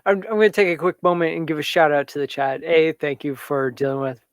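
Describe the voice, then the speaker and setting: A man hosting a casual livestream interview, reacting briefly and giving relaxed shout-outs to the chat. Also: on the high side, no room sound, studio quality. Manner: laid-back, quick reactions and shout-outs. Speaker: livestream host.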